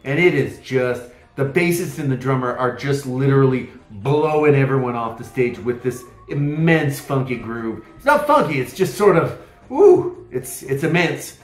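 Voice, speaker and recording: A man's voice: medium pitch, animated, normal speed, few pauses, roomy sound, soft background music. A man casually reviewing records from his collection, enthusiastic and rambling, full of fillers and exclamations. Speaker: vinyl collector vlogger.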